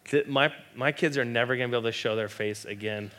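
Bright-voiced joking male pastor. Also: mid-range voice, fast talker. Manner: animated, joking, acts out quoted voices. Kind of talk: sermon. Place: church.

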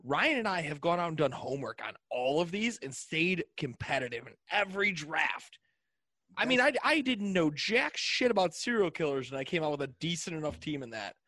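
A man's voice: on the high side, sing-song, brisk, bright, forceful tone, no echo. A man co-hosting a casual podcast, reading out lists with jokey asides and frequent laughter. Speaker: podcast co-host. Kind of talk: casual chat.

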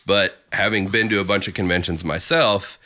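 A man hosting a podcast, easygoing and quick to laugh in casual interview chat. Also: low-pitched, fairly even intonation, sharp tone. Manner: easygoing, laughs often, short backchannels. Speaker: podcast host.

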